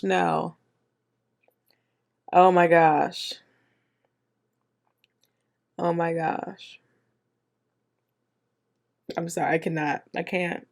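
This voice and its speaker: A woman's voice: on the low side, level tone, slow pace, gravelly, long pauses. A woman hosting a reaction video, talking casually in an emotional, exclamatory way with plenty of slang.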